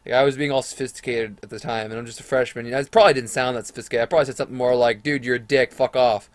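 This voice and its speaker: A man's voice: mid-range voice, rapid-fire, no echo. Young man, casual storytime vlogger, rambling and crude, dry close mic. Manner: rambling, profane, animated retelling with quoted voices.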